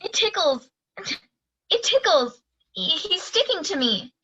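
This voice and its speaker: A woman voicing a startled small grandchild with shrill, excited squeals, in an audio theater play. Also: unhurried, muffled recording, heavily acted. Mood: nervous, giggly.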